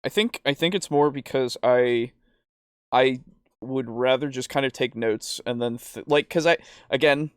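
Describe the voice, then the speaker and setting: A man's voice: medium pitch, unhurried, clear, resonant tone, no echo, studio quality. A man co-hosting a tabletop gaming podcast, talking casually in a rambling way with frequent laughs. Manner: rambling, with fillers and restarts, laughs often. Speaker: podcast co-host. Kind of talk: casual chat.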